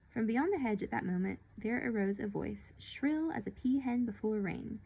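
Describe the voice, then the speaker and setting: Wanita bersuara serak membacakan novel. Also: female voice, mid-range voice, gravelly, a little mellow, rough recording. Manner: unhurried, occasional slips and restarts. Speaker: reader of a children's novel. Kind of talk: read-aloud storytelling.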